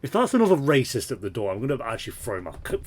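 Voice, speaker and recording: A man's voice: medium pitch, huge pitch swings, rapid-fire, slightly rough. A man hosting a reaction video, talking casually and with exasperation while he swears and comments on scenes.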